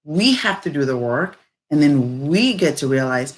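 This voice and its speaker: A woman speaking casually and reflectively on personal growth, animated and rambling, full of fillers. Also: sits low, unhurried.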